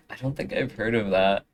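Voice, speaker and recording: Young live streamer, unhurried, filler-heavy chat while making art. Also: mid-range voice, animated, rough recording. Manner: rambling, full of fillers and restarts.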